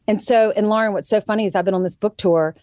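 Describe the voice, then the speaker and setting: A woman's voice: mid-range voice, steady tone, quick pace, darkish tone, no room sound. Earnest mother telling a story, dry sound. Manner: earnest storytelling, quoting others in changed voices. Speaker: guest, author and TV co-host. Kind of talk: casual conversation.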